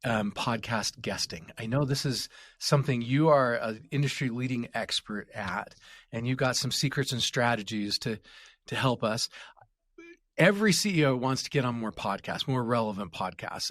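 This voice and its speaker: A man's voice: mid-range voice, fairly bright tone, dry recording. Podcast host guy, mid-range voice, upbeat questions, dry sound. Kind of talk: interview questions.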